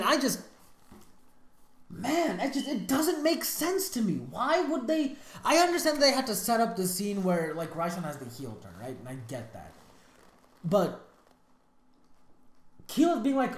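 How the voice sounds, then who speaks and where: Animated woman ranting in an echoey room. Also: medium pitch, normal speed. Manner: animated, exasperated, talks in restarts and slang. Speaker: reaction channel host. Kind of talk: casual reaction commentary. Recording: roomy echo.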